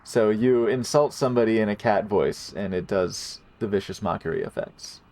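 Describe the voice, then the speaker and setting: Low-voiced male dungeon master, easygoing and rambly, for a live stream game. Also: normal speed, a little mellow. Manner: rambling, laid-back, full of fillers. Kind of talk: running a live tabletop game.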